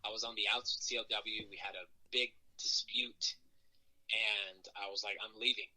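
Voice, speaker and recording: A man, a professional wrestler, telling stories from his career in a casual interview, animated and self-deprecating, acting out quotes and laughing often. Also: moderate pace, rough recording. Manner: animated, acts out quotes with jumps in pitch.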